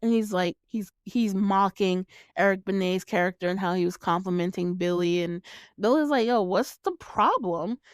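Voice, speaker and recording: A woman's voice: on the low side, moderate pace, clean tone, dry recording, studio quality. A woman hosting her own show, recapping a movie in casual chat, swearing freely, laughing often and acting out her reactions. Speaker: podcast host reviewing a film.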